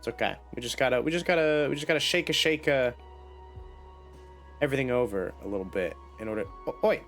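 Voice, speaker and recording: A man's voice: mid-range voice, quick pace, fairly bright tone, faint music behind. A man streaming a game live, chatting playfully to himself and his viewers with a slight cough. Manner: chatty, playful self-talk. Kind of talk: casual live gameplay chat.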